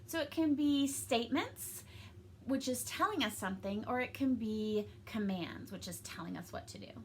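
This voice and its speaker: A woman's voice: a little high, moderate pace, a little hiss or hum. A young adult woman teaching a recorded reading lesson to young pupils, upbeat and encouraging. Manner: upbeat, encouraging, sing-song with excited peaks. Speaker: elementary school teacher.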